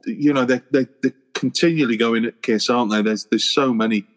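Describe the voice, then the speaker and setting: A man's voice: mid-range voice, fairly quick. A man co-hosting a podcast, chatting casually and laughing his way through a funny story. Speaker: podcast co-host. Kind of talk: casual chat.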